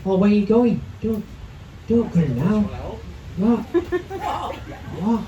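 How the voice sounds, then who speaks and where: A man's voice: high voice, slow, dark tone, dull audio. A man hosting a live comedy night, loose and bantering with the crowd between acts. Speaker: comedy show MC. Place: comedy club. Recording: echoey club with audience.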